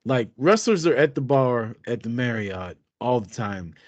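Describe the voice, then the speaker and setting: A man's voice: medium pitch, lively intonation, measured pace, no echo. A man co-hosting a podcast, telling a rambling, profane story in casual chat. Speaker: podcast co-host.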